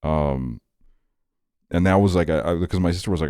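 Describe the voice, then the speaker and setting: A man's voice: sits low, a little fast, dark tone, dry recording, studio quality. A man in his twenties chatting casually with his stream chat late at night, rambling and laid-back, often laughing. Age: 20s. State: tired.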